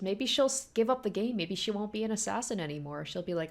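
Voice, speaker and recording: A woman's voice: medium pitch, fast talker, few pauses. A woman hosting a casual anime reaction, chatting along, often laughing and quoting the characters. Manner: chatty, animated, lots of "like" and laughter.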